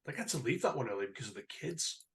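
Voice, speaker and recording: A man's voice: mid-range voice, sing-song, quick pace, a bit bright. A middle-aged man hosting a podcast, chatting in a friendly, laughing, casual way. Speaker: podcast host. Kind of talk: casual chat.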